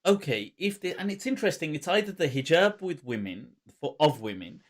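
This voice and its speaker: A man's voice: fairly high pitch, expressive, a little fast. A man hosting a casual podcast conversation, talking animatedly with frequent laughter and scholarly asides. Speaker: host.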